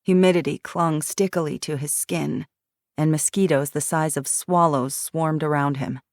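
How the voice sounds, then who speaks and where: A woman narrating an audiobook in a steady, measured reading style into a close mic. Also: low voice, dry recording. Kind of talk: scripted narration.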